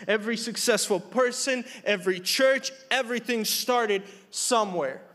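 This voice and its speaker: A man's voice: sits high, fairly bright tone. A young man preaching a sermon from the pulpit, emphatic and repeating his key phrases. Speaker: pastor. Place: church sanctuary.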